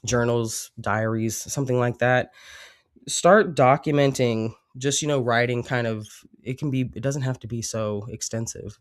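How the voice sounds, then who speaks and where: A man's voice: medium pitch, steady tone, normal speed. Congested man giving a rambling tarot reading. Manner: rambling, reflective, with frequent fillers. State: congested from a cold. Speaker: tarot reader.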